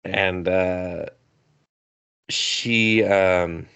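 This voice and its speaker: A low, gravelly man chats loosely about shows on a podcast. He jumps between thoughts, swears freely and chuckles as he goes. His voice has a rough fry to it. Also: steady tone, drawn-out words, fairly bright tone. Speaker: podcast co-host. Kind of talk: casual anime review chat.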